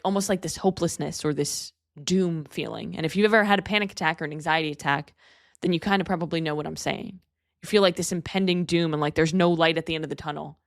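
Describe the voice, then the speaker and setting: Young woman doing a motivational podcast rant, kinda low voice, swears here and there, super dry sound. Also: a bit bright, no echo. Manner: candid, earnest, swears casually. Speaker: podcast host. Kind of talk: motivational monologue.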